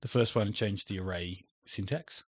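A man co-hosting a podcast, chatting casually about tech and often trailing off softly at the ends of phrases. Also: on the low side, moderate pace, dry recording, studio quality. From Australia. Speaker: podcast co-host. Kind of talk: casual chat.

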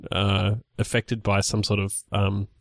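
A man's voice: fairly low pitch, monotone, a little slow, creaky, no room sound, studio quality. A man co-hosting a podcast, chatting casually and rambling with many restarts and fillers. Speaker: podcast co-host. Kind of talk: casual chat.

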